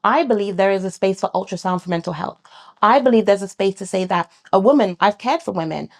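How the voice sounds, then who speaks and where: Gravelly-voiced British woman, animated. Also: mid-range voice, a little fast. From England. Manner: animated, acts out other people's voices in quotes. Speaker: midwife and founder of a sonogram service. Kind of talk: conversational interview.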